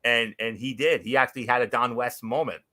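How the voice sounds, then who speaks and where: A young man hosting a casual wrestling recap, excitable, often repeating and restarting his words. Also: mid-range voice, brisk. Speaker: wrestling show recap host.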